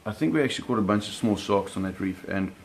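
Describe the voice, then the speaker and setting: A man telling a personal story in an animated, vivid way, often restarting his phrases. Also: on the low side, quick pace, slight background noise.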